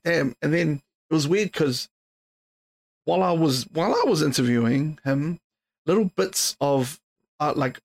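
A tired man hosting his podcast alone, rambling casually with lots of fillers and swearing. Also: fairly high pitch. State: tired, yawning late at night. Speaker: podcast host. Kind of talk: casual solo podcast chat.

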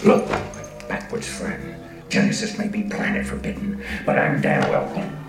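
An actor playing a drunk, irritable older male ship's doctor, talking gruffly and sarcastically in a film clip. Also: normal speed, lightly acted. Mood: cranky. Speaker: film character. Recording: film clip with music in a roomy space.

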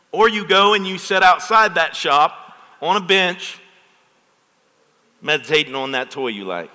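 A middle-aged male pastor preaching to his congregation, his voice bright and forceful and a little higher than most men's. He keeps pulling the room in with call-and-response asides. The sound carries a long reverb from the church hall. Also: animated, measured pace. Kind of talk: sermon. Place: church sanctuary.

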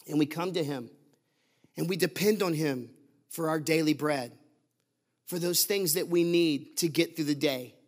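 Pastor guy with a high voice, preaching hard, asks the church question after question, repeats stuff for emphasis. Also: a little slow, pauses often. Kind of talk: sermon.

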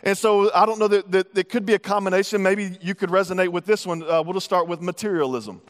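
A man's voice: high-pitched, steady tone, fast talker, big-room sound. A man from the United States preaching a sermon as pastor, casual, with joking asides.

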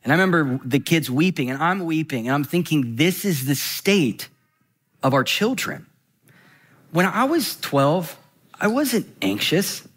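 A man preaching a sermon in a conversational, animated way, slowing down to read scripture and speeding up for quick asides. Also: fairly high pitch. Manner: animated, swings between slow scripture reading and quick asides; conversational, frequent "right?" and "like".

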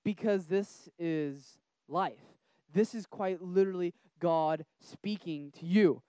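A young man preaches in a relaxed, conversational way, his voice high and smooth. He restarts his sentences often and stays animated as he talks a group through scripture. The sound is dry and close, with almost no room around it. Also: slow, no room sound. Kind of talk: casual sermon to a group.

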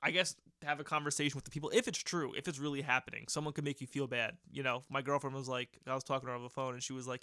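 A man's voice: mid-range voice, fairly even intonation, racing, few pauses, sharp tone, no echo, studio quality. A man of thirty chatting casually as a podcast host, rambling and swearing as he tells a work story. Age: 30s. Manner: rambling, profane, self-correcting. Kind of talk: casual chat.

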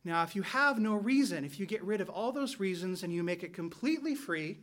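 A man co-hosting a Catholic talk show, explaining ideas in a measured way and reasoning aloud through examples. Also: high voice, expressive, fairly bright tone. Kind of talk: conversational philosophical explanation.

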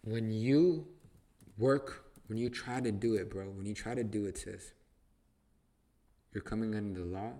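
A man's voice: on the low side, fairly even intonation, a little slow, long pauses, warm tone. Emphatic man teaching the Bible. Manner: emphatic and repetitive, restarts phrases for stress. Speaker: podcast host teaching the Bible. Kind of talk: casual Bible teaching conversation.

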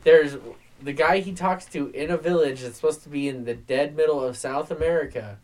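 A man's voice: on the high side, a little fast, poor audio. Blunt, cursing man ranting about a film. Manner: blunt, profane, exasperated. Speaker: podcast co-host. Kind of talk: casual movie review chat.

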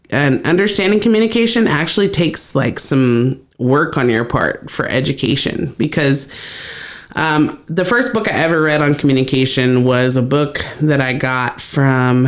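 A woman co-hosting a podcast, talking reflectively in a rambling casual chat with many pauses and fillers. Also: rumbling low. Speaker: podcast co-host.

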